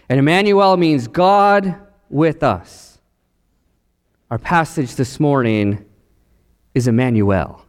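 A male pastor giving a sermon, measured at first and then building to emphatic, rising declarations. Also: mid-range voice, a little mellow, clean tone, big-room sound.

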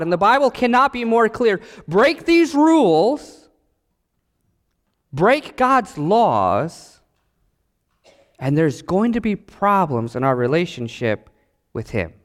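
A man preaching a sermon as pastor, animated and acting out the voices in his stories. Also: high voice, big-room sound.

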